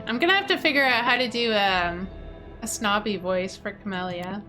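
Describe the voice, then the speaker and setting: A woman's voice: mid-range voice, normal speed, pushed and bright, faint music behind. A woman streamer casually chatting and reacting aloud as she plays a video game. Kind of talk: casual gameplay commentary.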